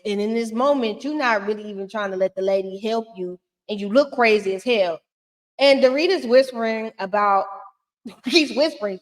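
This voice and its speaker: A woman's voice: medium pitch, moderate pace, big-room sound. A woman giving a casual, blunt and profane recap of a reality show, talking with plenty of sass.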